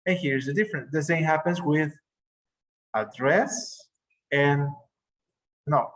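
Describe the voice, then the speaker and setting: Give me a slow, patient male teacher, speaking over a video call. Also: on the high side, a bit bright, poor audio. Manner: slow, explaining patiently with examples and self-corrections. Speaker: English teacher. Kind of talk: online class lesson.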